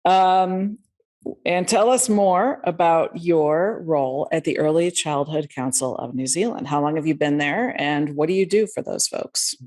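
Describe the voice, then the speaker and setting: A woman's voice: deep voice, measured pace, a little mellow. A woman hosting a podcast interview, upbeat and conversational as she welcomes listeners and asks her guest questions. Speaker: podcast host.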